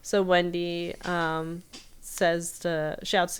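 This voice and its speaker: Woman, podcast host, casual recap, chatty, smooth voice, lowish pitch. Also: flat delivery, takes it slowly. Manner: chatty storytelling with fillers.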